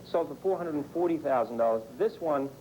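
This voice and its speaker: Male field reporter, enthusiastic on-location TV style, a touch higher voice. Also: expressive, fairly quick, mellow, a little hiss or hum, rough recording. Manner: upbeat, chatty, addresses the anchor by name. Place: indoor collection room on location.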